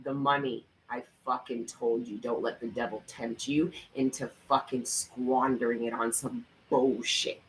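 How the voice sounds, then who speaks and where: A man's voice: mid-range voice, steady tone, unhurried, hardly any pauses, fairly bright tone, slight background noise, poor audio. Fervent, cursing male tarot reader. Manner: emphatic, profane motivational talk; repetitive, fervent encouragement. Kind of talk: tarot reading vlog.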